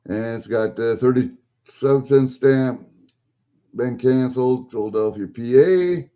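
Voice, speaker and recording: An unhurried vlogger with a mellow, medium-pitched voice opens packages while chatting to himself. His unboxing commentary is casual, full of muttering and rambling.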